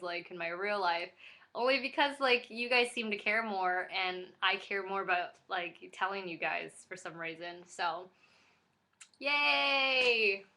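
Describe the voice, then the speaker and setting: Young woman, vlogger, casual chat, giddy and gushing, bright voice, filler-heavy. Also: mid-range voice.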